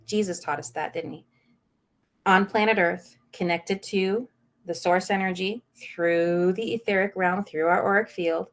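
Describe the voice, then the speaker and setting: A woman guest in a podcast interview, telling a personal story in a lively way, laughing often and acting out what others said. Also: on the low side, unhurried. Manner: animated, acts out quoted voices, laughs often; self-described saucy.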